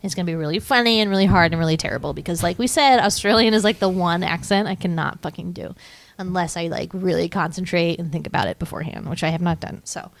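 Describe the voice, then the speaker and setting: A woman's voice: fairly low pitch, fast talker, creaky. A woman co-hosting a podcast in casual chat, talkative and loose, swearing and laughing easily. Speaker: podcast co-host.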